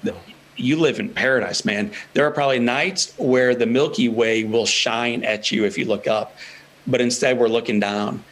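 A man's voice: medium pitch, normal speed, a bit bright. A man appearing as a guest author in an interview, speaking emphatically and building points through repetition. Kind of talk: earnest interview answers.

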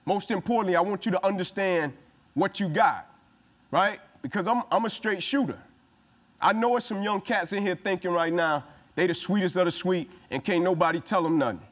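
A man's voice: high-pitched, fairly quick. A man giving a punchy, emphatic motivational speech to a football team, repeating his phrases for emphasis. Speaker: motivational speaker.

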